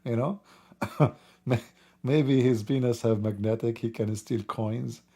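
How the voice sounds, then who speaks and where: Guy on a late night stream, dark husky voice, mocking and laughing a lot. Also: mid-range voice, steady tone, takes it slowly. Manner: mocking, laughs often, broken grammar. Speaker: livestream host. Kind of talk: casual late-night livestream talk.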